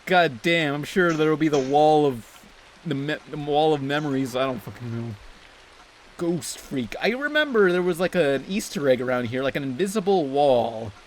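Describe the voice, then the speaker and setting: A young man hosts a let's play, delivering crude, sarcastic gameplay commentary and swearing constantly. His voice is a little high with lively intonation and a moderate pace, and there's a little hiss or hum.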